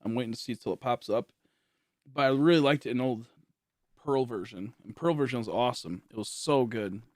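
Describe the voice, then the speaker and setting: A man's voice: mid-range voice, fairly quick, darkish tone, no room sound, studio quality. Tired young man rambling on stream. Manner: rambling, filler-heavy, thinking aloud. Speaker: game streamer. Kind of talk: casual livestream chat to viewers. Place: at home, indoors.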